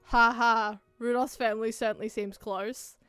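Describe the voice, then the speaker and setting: A woman's voice: on the high side, steady tone, normal speed, fairly bright tone, smooth, dry recording, faint music behind, close to an everyday voice. A woman doing a jovial accented uncle. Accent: put-on accent.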